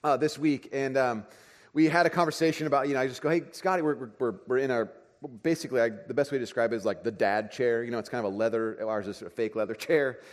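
Telling a family story from the pulpit, a thirtysomething pastor talks fast at a medium pitch. He shifts between soft asides and excited outbursts, with long hall reverb.

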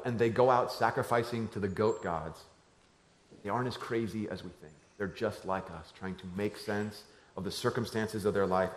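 A man preaches a sermon as a pastor, telling a family story and shifting between hushed, low lines and loud, animated ones. The room is echoey.

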